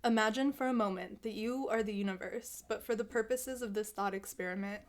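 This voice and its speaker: A young woman vlogs from home into a desk mic, wearing headphones, her medium-pitched voice running a little fast over some background noise. She rambles casually, pokes fun at herself, and fills her chat with lots of fillers.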